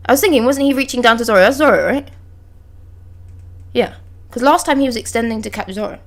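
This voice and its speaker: A woman's voice: on the high side, quick pace, long pauses. Blunt, chatty woman streamer. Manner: chatty and blunt, swears freely, reads panels aloud. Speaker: streamer reacting to manga. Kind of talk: casual live reaction chat. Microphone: close desk mic.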